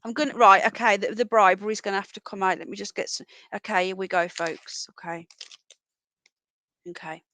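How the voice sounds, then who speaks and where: A woman's voice: steady tone, a little fast, pushed and bright, no room sound. Chatty woman on a livestream. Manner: chatty, calling pets in a high singsong voice. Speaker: livestream host. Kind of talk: casual livestream chat. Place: home, indoors. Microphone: earphones with mic.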